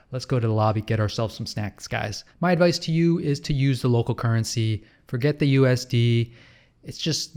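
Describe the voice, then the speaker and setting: A man's voice: medium pitch, a little mellow, smooth. Canadian guy, travel vlogger; casual, chatty, sarcastic asides; mid-range voice. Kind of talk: casual vlog commentary.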